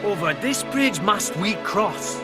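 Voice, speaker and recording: A quirky old villager guide in a cartoon, speaking slowly with his words in backwards order. His pitch moves lively, and loud music plays under him. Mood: calm. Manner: backwards sentence order, slow and calm.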